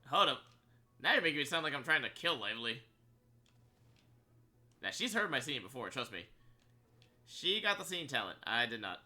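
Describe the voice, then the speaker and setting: Male streamer, casual rambling chat with lots of laughs; bright, animated voice that swings up and down. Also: medium pitch, fairly quick, long pauses. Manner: rambling, filler-heavy, laughs often. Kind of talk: casual live-stream chat while gaming.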